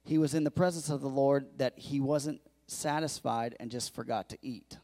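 A pastor preaching a lively sermon to his congregation, acting out quoted lines in a raised voice and joking with the crowd. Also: mid-range voice, moderate pace. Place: church.

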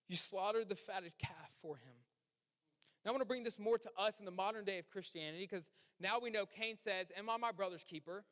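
A man's voice: sits high, fairly bright tone. A man preaching as a pastor, conversational and informal, with slang asides, and acting out the voices of biblical characters. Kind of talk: sermon. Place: church sanctuary. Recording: long hall reverb.

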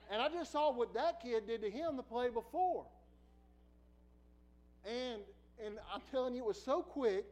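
A middle-aged man preaches with a strikingly high voice for a man. He tells personal stories with lots of laughter and drops to quiet asides before rising into loud bursts. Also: rough recording. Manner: lively storyteller who laughs often and swings from quiet asides to loud bursts. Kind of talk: sermon with personal storytelling.

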